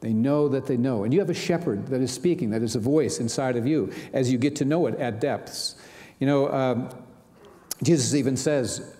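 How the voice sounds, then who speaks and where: Middle-aged guy preaching a sunday sermon, mellow voice, lots of uhs and restarts, echoey big church. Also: medium pitch, moderate pace. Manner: storytelling with frequent fillers and restarts. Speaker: minister. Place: large church sanctuary.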